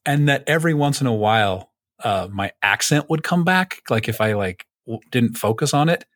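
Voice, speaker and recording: A man's voice: mid-range voice, animated, moderate pace, fairly bright tone, no room sound, studio quality. A young adult man co-hosting a podcast, chatting casually, rambling with many fillers and restarts, and swearing freely. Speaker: podcast co-host. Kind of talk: casual chat.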